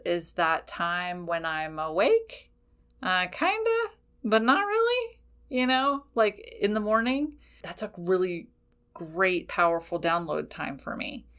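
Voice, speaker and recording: A woman's voice: on the low side, fairly bright tone. A woman podcast host giving frank, casual spiritual advice, swearing freely and checking in with "okay?". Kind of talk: casual spiritual teaching talk.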